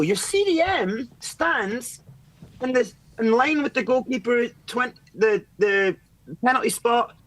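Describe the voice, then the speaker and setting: A man calling into a fan show, talking fast and animated about tactics, swearing freely and acting out what others say. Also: very high voice, no echo. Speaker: caller. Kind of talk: casual fan chat.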